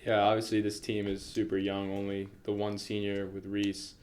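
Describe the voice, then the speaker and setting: Low-voiced man hosting a sports podcast. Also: completely flat delivery, moderate pace, a little mellow. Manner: rambling questions with "you know" fillers. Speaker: podcast co-host. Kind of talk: casual interview chat.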